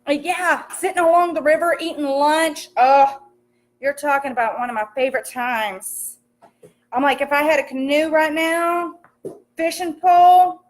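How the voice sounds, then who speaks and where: A chatty young woman talks through a casual livestream while she cooks in her home kitchen, upbeat and quick to laugh. Her voice sits high and bright, and she greets each viewer by name into a phone camera. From American countryside. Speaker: livestream host cooking while reading comments.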